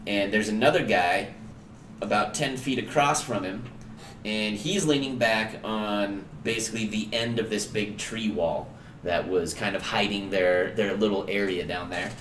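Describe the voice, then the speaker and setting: A man's voice: lowish voice, a little slow, fairly bright tone, slight background noise. A man narrating as game master in a loose, filler-heavy, chuckling way. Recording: echoey room.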